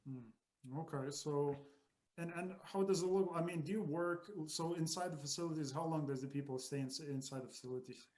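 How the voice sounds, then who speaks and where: A man hosting a podcast interview, asking questions haltingly and rephrasing them as he goes. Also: on the high side, darkish tone. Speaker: podcast host.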